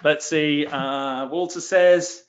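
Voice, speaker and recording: A man's voice: fairly high pitch, steady tone, takes it slowly, clean tone. Chatty southern English man, lo-fi. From England. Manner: chatty, self-deprecating, many fillers. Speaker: online course host. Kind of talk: live webinar Q&A.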